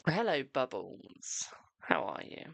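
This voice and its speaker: A man's voice: medium pitch, wildly swooping pitch, slow, vocal fry, fairly bright tone, dry recording. An English man hosting a live-streamed tarot reading, chatty and cheeky, calling viewers "my darling" and slipping into mock-ominous warnings.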